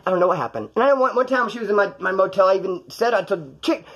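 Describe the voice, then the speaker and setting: A man with a high, husky voice rattles off a casual story from his own life, swearing freely and rambling. He acts out the other people's lines as he goes. The recording sounds dull and lo-fi. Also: animated, rapid-fire, fairly bright tone.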